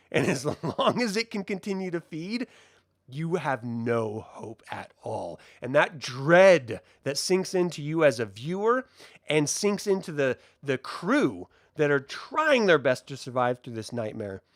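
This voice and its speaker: Man, film reviewer, casual viewer Q&A, passionate, lively swinging pitch, dry close sound. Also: dry recording. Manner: animated and passionate, with frequent fillers.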